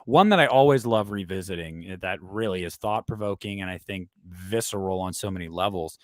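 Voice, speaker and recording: A man's voice: sits low, fairly quick, no echo, studio quality. A man co-hosting a podcast, rambling through a casual chat with frequent restarts. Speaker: podcast co-host.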